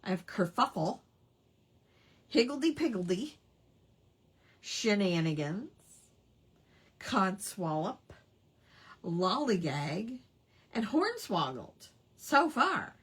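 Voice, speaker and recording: A woman's voice: mid-range voice, big pitch swings, slow pace, pauses often, breathy edge. A woman hosting a casual craft hangout, chatty and playful, savoring quirky old words with giggles. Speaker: craft livestream host.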